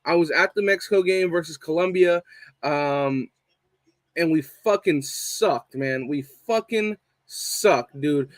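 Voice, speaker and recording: The young man running this laid-back live fan stream has a high-sitting voice, recorded with no echo. He goes through the live chat, swears plenty and restates things for emphasis.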